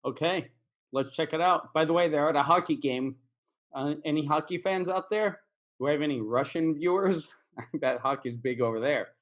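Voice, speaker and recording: A man's voice: a little high, moderate pace. A man teaching English in a casual video lesson, repeating words and phrases for practice.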